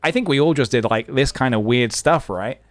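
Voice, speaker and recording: A young man chatting casually on a live stream, thinking aloud and rambling with plenty of ums. His voice sits at an ordinary middle pitch, recorded dry and close. Faint music plays underneath. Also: moderate pace, no echo.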